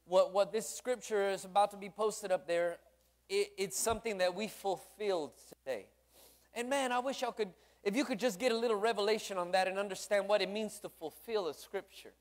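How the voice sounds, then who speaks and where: A man's voice: sits high, a little fast. A man leading a church service, fervent and repetitive, calling hallelujah and amen to the congregation. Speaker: worship leader and drummer leading a church service. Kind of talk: lively church service exhortation and prayer. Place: church sanctuary.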